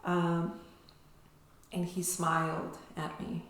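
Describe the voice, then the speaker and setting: A woman's voice: fairly low pitch, completely flat delivery, takes it slowly, a little hiss or hum. Emotional woman, echoey room. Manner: emotional, tags sentences with "right?". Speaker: interview guest. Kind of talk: personal storytelling in an interview.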